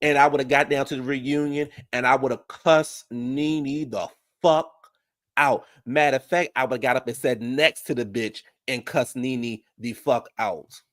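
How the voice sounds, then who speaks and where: A man, casually reviewing a reality show, loud and animated, with profane storytelling and sudden falsetto outbursts. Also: a little slow, dry recording, studio quality. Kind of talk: casual reaction commentary.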